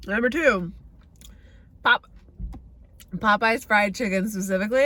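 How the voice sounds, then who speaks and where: A woman's voice: mid-range voice, moderate pace, long pauses, fairly bright tone. A woman in her thirties from the Bay Area, chatting casually and candidly in a vlog, swearing freely. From San Francisco Bay Area. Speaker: vegan vlogger.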